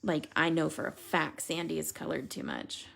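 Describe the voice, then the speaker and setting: This streamer has a deep, bright-edged voice with vocal fry, fairly even intonation, and a moderate pace. She is a woman who colors while chatting and giggling, telling funny stories and answering viewers by name.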